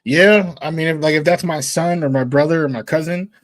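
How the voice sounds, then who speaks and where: Male sports-talk co-host, slightly high voice, relaxed, easy laugh, lots of fillers. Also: fast talker. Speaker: podcast co-host.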